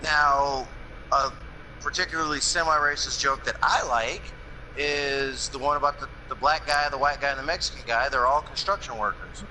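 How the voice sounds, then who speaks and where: A man casually telling crude jokes to friends over voice chat, loud and full of swearing. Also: medium pitch, fairly even intonation, moderate pace, a little hiss or hum, rough recording.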